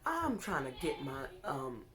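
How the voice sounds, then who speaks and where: Low-voiced woman telling a storytime vlog. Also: a little slow. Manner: animated storytelling, acting out her own panicked quotes. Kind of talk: casual storytime.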